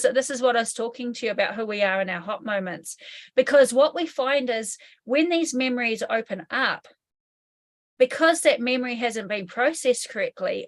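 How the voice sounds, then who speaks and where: A woman with a New Zealand accent talks through trauma as an interview guest, in a somewhat high voice. She speaks frankly and casually, drops swear words, and acts out the voices in people's heads. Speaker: hypnotherapy trainer, guest. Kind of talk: explanatory interview talk.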